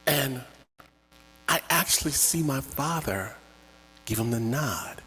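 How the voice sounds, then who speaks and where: A man telling a personal story live, in an animated, theatrical and conversational way, with a slightly husky voice. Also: medium pitch, slow pace, long pauses. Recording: echoey hall with long reverb.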